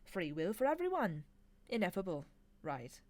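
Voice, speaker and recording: A woman's voice: lowish voice, very animated, normal speed, a little mellow. A woman reading aloud and voicing a sardonic, snappish male demon in an audiobook reading.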